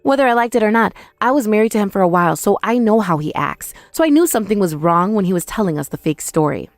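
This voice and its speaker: A woman's voice: medium pitch, lively intonation, fast talker, dry recording, studio quality, soft background music. A young woman telling a first-person dramatized story in an indignant, accusing manner. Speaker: narrator and protagonist.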